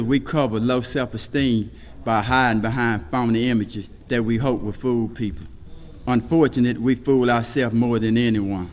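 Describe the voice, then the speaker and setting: This Texan, medium in pitch, shares his personal recovery story at a speaker meeting held in a hall. His delivery swings from shouts and laughter to hushed, quiet talk, all built on preacher-style rhythmic lists. The podium mic recording carries faint noise and the hall's reverb.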